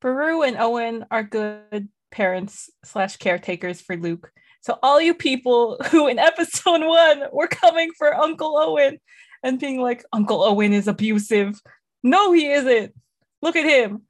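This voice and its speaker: Animated woman who laughs while retelling, higher voice. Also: a little slow. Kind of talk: casual chat.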